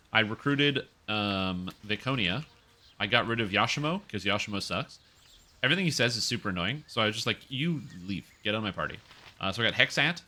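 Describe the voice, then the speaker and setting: A man's voice: fairly low pitch, bright, forceful tone. A man streaming a video game, chatting casually and rambling through corrections as he plays. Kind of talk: casual gaming stream chat.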